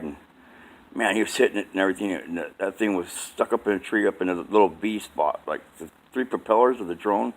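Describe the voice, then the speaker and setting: Casting: adult man, lowish voice, casual home vlog, rambling and repetitive storyteller, fillers galore. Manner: rambling, repeats himself, says "man" often. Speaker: vlogger telling a story. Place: at home at bedtime.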